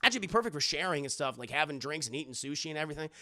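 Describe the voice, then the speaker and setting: A man's voice: fairly high pitch, lively intonation, racing, bright, forceful tone. A man reviewing a movie on a livestream, rambling and swearing as he talks to his chat. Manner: rambling, profane, keeps addressing chat.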